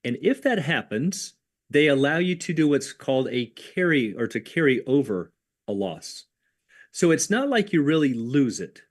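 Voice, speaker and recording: Male co-host, conversational explainer, walks through examples, mid-pitched voice. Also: very animated, moderate pace. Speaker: options educator co-host. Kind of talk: livestream lesson, casual explaining.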